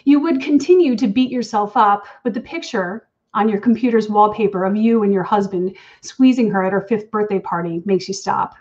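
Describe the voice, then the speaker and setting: A woman's voice: medium pitch, moderate pace, few pauses, darkish tone, muffled recording. A woman author reading her own story aloud in an intimate, wry second-person voice. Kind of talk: reading fiction aloud at an online event.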